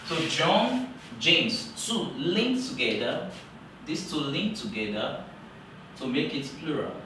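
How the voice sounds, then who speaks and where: A man teaching English grammar in a classroom lecture, talking slowly and repeating key points for emphasis. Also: a little high, big pitch swings, sharp tone, slight background noise. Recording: very echoey room, voice from far off.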